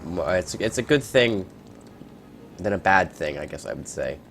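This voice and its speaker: A man giving casual, rambling gameplay commentary, reacting out loud and swearing at surprises. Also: low voice, lively intonation, normal speed, creaky, a little hiss or hum.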